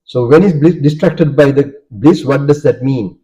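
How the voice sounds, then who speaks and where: A Sri Lankan Buddhist monk whose native language is Sinhala gives a Dharma talk, putting questions to the audience and frequently checking in with "okay?". His voice is medium-pitched and dark-toned, moving at a moderate pace. The recording sounds dull and lo-fi.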